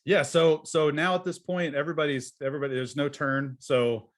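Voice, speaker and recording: A man's voice: on the high side, level tone. Chatty man running a tabletop game. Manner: chatty, halting, laughs often. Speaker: game master.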